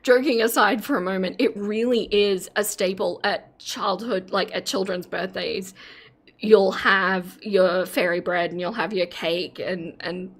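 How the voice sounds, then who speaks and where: Speaking at a measured pace in a steady, medium-pitched voice, this Australian woman in her 40s keeps things casual with her live-stream viewers. She giggles a lot and frequently bursts out laughing.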